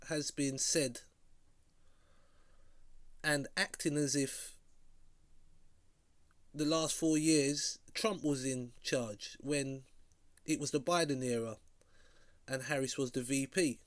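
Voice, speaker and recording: A man hosting a video reaction, talking critically in a halting way and often repeating words. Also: a little high, dry recording. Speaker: vlog host reacting to a clip. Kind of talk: casual reaction commentary.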